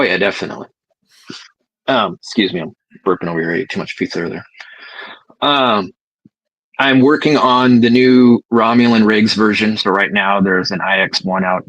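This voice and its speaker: A man with a very deep, gravelly voice and a husky edge talks in a laid-back, candid way. He swears casually as he chats on a livestream. The sound is dry and close. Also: a bit bright, dry recording, muffled recording. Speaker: cannabis breeder guest.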